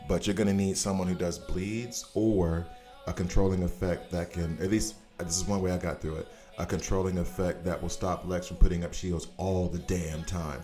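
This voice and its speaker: A man in his forties from the United States, rambling and chatting casually as he comments on a game stream, quick to laugh. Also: sits low, mellow. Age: 40s. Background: faint background music.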